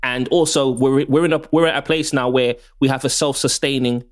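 A man's voice: mid-range voice, steady tone, a little fast. London man hosting a podcast. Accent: London English. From United Kingdom. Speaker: podcast host. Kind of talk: casual podcast chat.

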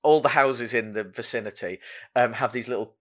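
Medium-pitched and brisk, a man hosts a podcast in a loose, chatty way. He pokes fun at himself now and then and fills pauses with plenty of ums.

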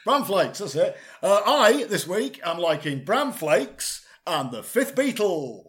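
A man's voice: sits high, sing-song, slow, fairly bright tone. A man co-hosting a podcast, chatting casually and jokily, rambling with lots of hesitations. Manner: jokey, rambling, hesitant with many fillers. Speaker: podcast co-host. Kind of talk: casual comedic chat.

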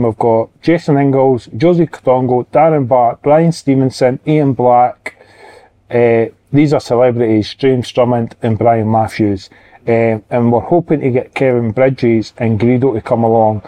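A man from Edinburgh with a Scottish accent, a podcast guest and former footballer, telling sweary, animated stories in casual chat. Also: medium pitch, moderate pace. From Edinburgh, Scotland.

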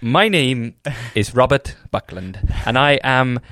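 A man impersonating a weary, sacked politician with a Welsh accent, halting and sing-song. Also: medium pitch, expressive, a bit bright, no echo, studio quality.

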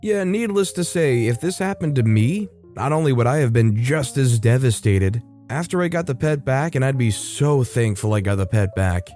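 A man reading stories aloud in an expressive, emphatic way, with wry asides. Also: medium pitch, moderate pace, few pauses, soft background music. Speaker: story narrator.

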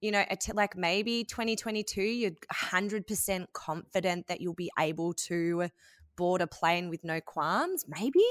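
A woman's voice: fairly low pitch, a little slow, no room sound. Aussie lady hosting a podcast, upbeat and laughing along, dry close recording. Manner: enthusiastic and warm, laughing along. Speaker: podcast host. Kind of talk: casual podcast interview.

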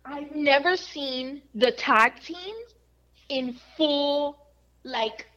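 A woman chatting casually on a podcast, telling lively family stories and slipping in Spanish phrases. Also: high voice, extremely slow. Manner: animated storyteller, mixes Spanish phrases. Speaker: radio host guest. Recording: dull lo-fi audio.

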